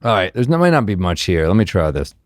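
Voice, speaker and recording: Rambling low-voiced man in casual chat. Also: big pitch swings, fast, no room sound, clean studio sound. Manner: rambling, filler-heavy, swears casually. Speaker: comedian podcast co-host. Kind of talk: casual chat, workshopping jokes.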